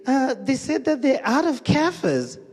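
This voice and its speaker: A man voicing a chatty young white woman on the phone, with a bright, breezy manner. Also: very high-pitched, sing-song, a little slow, a little hiss or hum, voice pushed up, full character voice.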